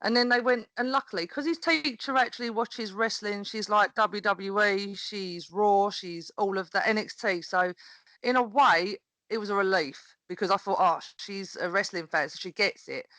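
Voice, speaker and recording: A woman who performs wrestling promos chats animatedly as a podcast guest, laughing often and acting out quoted voices while telling a story. Her voice is mid-range at a normal speed, and the recording is rough with no echo.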